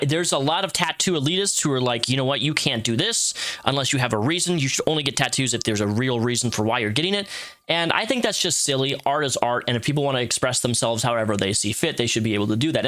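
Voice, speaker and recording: A man's voice: medium pitch, sharp tone. A man in his thirties giving casual, rambling commentary with frequent restarts and fillers. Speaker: commentary youtuber.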